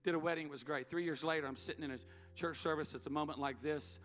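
A man's voice: a little high, steady tone, quick pace, fairly bright tone, slight background noise. A middle-aged man, a pastor, telling a story in an earnest sermon, repeating key words for emphasis. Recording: long hall reverb, faint music. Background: faint music.

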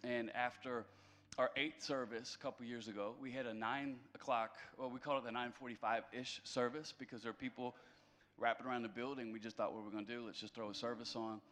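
A man's voice: mid-range voice, steady tone, fairly quick, a bit bright, long reverb tail. A man preaching a conversational sermon as a pastor, mixing self-deprecating humor into his message.

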